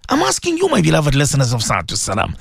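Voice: mid-range voice, wildly swooping pitch, fast talker, gravelly, husky, dry recording, clean studio sound. A radio host giving a preaching talk, emphatic and repetitive, asking rhetorical questions and dropping Arabic religious phrases into English.

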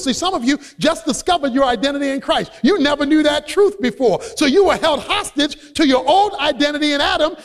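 Preaching with a voice very high for a man, he is emphatic, swinging from quiet asides up to shouted peaks the way a pastor works a congregation. A long reverb tail trails his words.

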